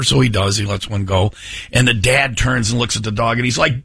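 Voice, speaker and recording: A man co-hosting a radio morning show, chatting casually and telling jokes in a playful, animated way. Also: mid-range voice, brisk, creaky, husky, dry recording. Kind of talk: casual on-air banter and joke telling.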